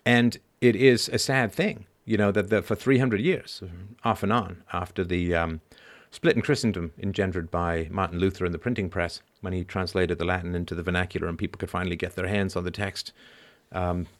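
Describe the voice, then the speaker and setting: A middle-aged man with a fairly low voice holds forth in a long philosophical monologue. He is discursive and emphatic, leaning on words and pulling the listener along with tag questions. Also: fairly even intonation, a little fast. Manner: discursive, emphatic, constant "right?" tags. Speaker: podcast host.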